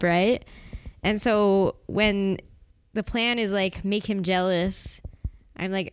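A woman in casual conversation about an anime, animated and laughing as she gives quick bursts of opinion. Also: on the low side, clear, resonant tone, no room sound. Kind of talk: casual chat reviewing an anime.

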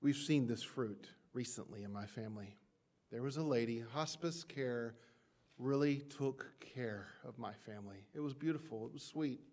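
A middle-aged male pastor giving a sermon, moving from soft, hushed passages to loud, impassioned climaxes. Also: mid-range voice, moderate pace.

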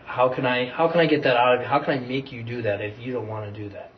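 A man, a wrestling coach speaking calmly and in a measured way as a podcast guest. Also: mid-range voice, a crowd in the background. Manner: calm, measured, relaxed. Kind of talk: casual podcast conversation. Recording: distant, dull, faint noise.

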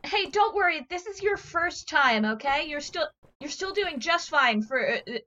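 A woman's voice: high-pitched, lively intonation, moderate pace, sharp tone, muffled recording, voice pushed up. A woman voicing a kind young female battle referee in a tabletop game, reassuring and encouraging.

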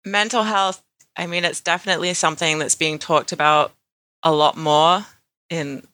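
A woman's voice: deep voice, steady tone, normal speed, pushed and bright, no echo. A middle-aged woman with a British accent, chatting casually as a podcast co-host, laughing easily. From United Kingdom. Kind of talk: casual chat.

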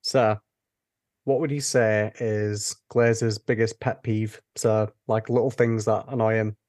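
A man's voice: lowish voice, level tone, a little slow, darkish tone. A man in casual chat, teasing and asking questions.

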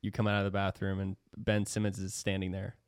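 Low-voiced man asking playful questions. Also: completely flat delivery, fairly quick, smooth, no room sound, studio quality. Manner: playful, asks teasing questions. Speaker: podcast co-host. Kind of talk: casual podcast chat.

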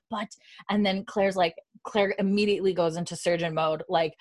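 A woman with a mid-range, brisk voice hosts a casual podcast chat, recapping a show. She's an animated storyteller, retelling scenes and acting out the characters' lines.

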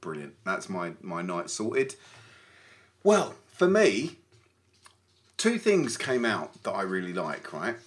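A man co-hosting a podcast, chatting casually in an animated way with stumbling restarts. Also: on the low side, takes it slowly, long pauses. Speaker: podcast co-host. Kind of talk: casual chat.

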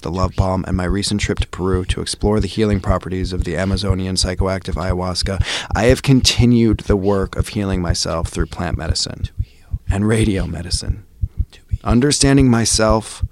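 Podcast host guy, low gravelly voice, intense rhythmic spoken word, slips into whispers. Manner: intense rhythmic poetic delivery, drops into whispers.

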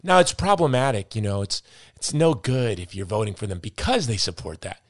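A man's voice: lowish voice, sing-song, brisk, no echo, clean studio sound. A middle-aged man hosting a podcast, ranting with emphatic, repeated words as he comments with passion. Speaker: podcast host.

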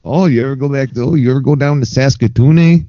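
A man's voice: mid-range voice, quick pace, mellow, dry recording, lo-fi sound, pitched above the performer's own voice, lightly acted. A man putting on a boisterous Canadian guy with a put-on Canadian accent, bragging about his local bar. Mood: jokey boastful.

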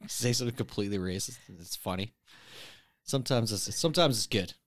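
Canadian man, lively swearing banter. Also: fairly low pitch, fairly quick, no echo, studio quality. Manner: crude, joking banter with lots of swearing. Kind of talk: casual chat.

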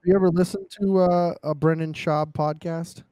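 A man's voice: a little high, normal speed, no room sound, studio quality. A man co-hosting a podcast, talking casually and swearing a lot as he jokes and reads sponsor plugs. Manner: profane, joking, animated. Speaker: podcast co-host.

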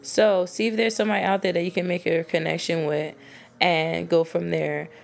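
A woman with a low, gravelly voice rants to the ladies about dating. Her talk is casual, blunt and full of swearing, and it keeps an animated edge as she warns women off bad men. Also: moderate pace. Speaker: dating advice vlogger. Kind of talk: casual advice monologue to women.

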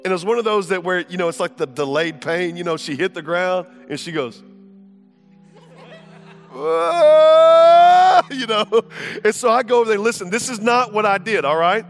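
A man in his thirties preaching a sermon with passion, swinging from shouts to hushed tones. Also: high voice, fairly quick, soft background music. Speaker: pastor.

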